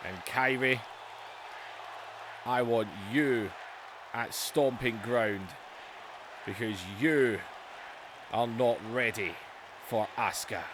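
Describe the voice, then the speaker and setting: A man's voice: medium pitch, steady tone, slow pace, long pauses, a crowd in the background, noisy background, close to an everyday voice. A man voicing a proud, fed-up female wrestler cutting a firm challenge promo, in his own plain voice with no accent. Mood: defiant.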